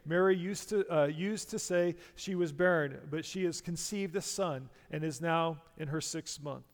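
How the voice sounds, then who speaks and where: Middle-aged pastor, smooth clear voice, kinda higher pitched, long hall echo, preaching casual with lots of restarts. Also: male voice, normal speed, few pauses. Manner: prayerful, softening to near-quiet, with many restarts. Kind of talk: sermon.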